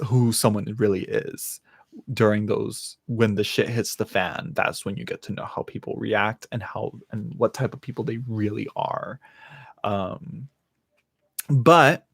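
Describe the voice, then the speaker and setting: On a live tarot stream, a male host with a low, gravelly voice talks in a chatty way, laughing a lot, using many fillers, and starting his sentences over. The recording is clean studio sound with no room noise.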